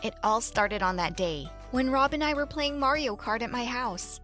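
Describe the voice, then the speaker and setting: A young woman tells a first-person story with lively, expressive delivery. Her voice is bright and a little high. Quiet music plays beneath the narration. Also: moderate pace.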